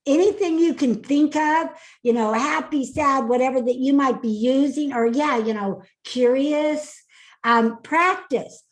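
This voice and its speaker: A speaking coach with a high voice runs a live online class over a video call, upbeat and quick to laugh, calling on attendees by name again and again. The recording quality is low.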